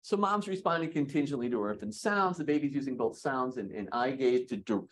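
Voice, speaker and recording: A man giving an academic lecture in a hall, lively and joking with his audience. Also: medium pitch, brisk.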